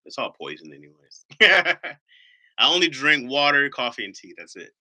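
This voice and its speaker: A man from Ohio hosts a casual live stream, rambling from one thought to the next with jokes and loose swearing. His voice is very bright and forceful, and his pitch swings in a lively way. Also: moderate pace. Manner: rambling, joking, swears freely.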